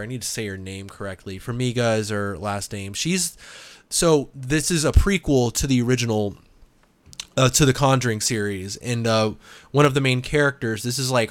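Guy on a podcast, animated, laughs a lot, says like constantly, dry close sound. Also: mid-range voice, dry recording. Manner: animated and laughing, heavy use of "like". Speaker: podcast co-host. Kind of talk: casual podcast chat.

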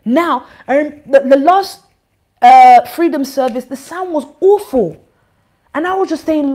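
A woman giving an informal church address, animated, teasing and scolding. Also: sits high, measured pace. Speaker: church leader.

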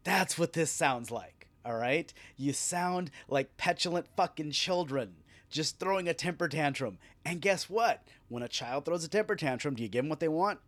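A man's voice: on the high side, expressive, normal speed, few pauses, fairly bright tone. A man hosting a solo podcast, ranting with sarcasm and a lot of swearing. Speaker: podcast host.

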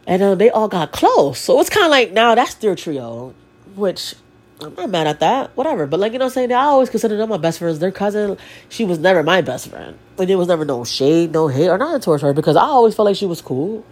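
A woman's voice: medium pitch, sing-song, a little fast, darkish tone, slightly rough. A young woman hosting a podcast alone, talking bluntly and profanely about her feelings, her nose stuffy. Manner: blunt, profane, emotional and confessional. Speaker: podcast host. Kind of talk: candid solo podcast monologue.

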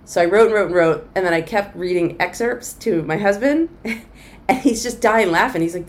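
A middle-aged comedian with a mid-range voice speaks at normal speed as she tells a long story in a conversational interview. Animated, she acts out the voices of the people she quotes.

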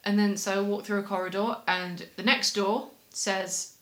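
A woman co-hosting a podcast, telling a story in rambling, animated casual chat. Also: medium pitch, moderate pace. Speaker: podcast co-host.

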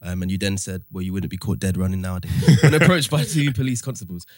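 Male podcast host, brisk and relaxed, reads book excerpts; dry recording. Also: deep voice, no room sound. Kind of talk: casual chat.

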